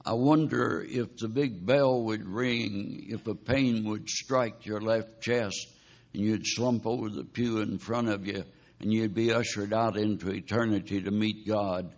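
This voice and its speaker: A man's voice: lowish voice, fairly even intonation, a little slow. A man preaching a sermon, telling a dramatic story and pleading with his listeners. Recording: dull lo-fi recording.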